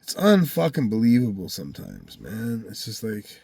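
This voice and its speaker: A man's voice: fairly low pitch, wildly swooping pitch, moderate pace, creaky, a little mellow, breathy edge, no room sound. Profane, heated man ranting. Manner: profane, heated, rambling retelling. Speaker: vlogger telling a personal story. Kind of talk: casual storytelling monologue.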